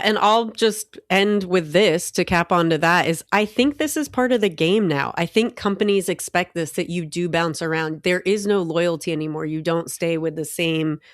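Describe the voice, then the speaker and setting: A woman's voice: on the low side, no room sound, clean studio sound. A woman co-hosting a podcast in casual chat, upbeat and encouraging. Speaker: podcast co-host.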